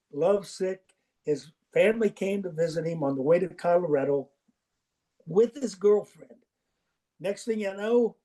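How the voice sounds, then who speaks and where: Older man, coach, folksy storytelling, slightly high voice, mellow tone. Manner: folksy, anecdotal, acts out quoted dialogue. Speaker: guest football coach. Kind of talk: storytelling interview.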